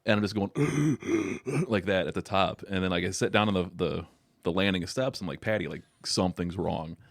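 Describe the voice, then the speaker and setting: Deep-voiced man rambling through stories. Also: fairly even intonation, quick pace, no echo. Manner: rambling storyteller, swears, laughs often. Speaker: podcast guest. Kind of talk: casual chat.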